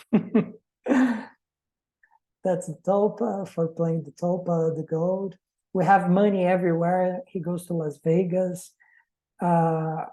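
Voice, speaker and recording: A woman presents to a reading group in an academic manner. Her voice sits fairly low and sounds mellow and warm. She talks reflectively, often posing questions to the group. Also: rough recording. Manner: reflective, poses rhetorical questions.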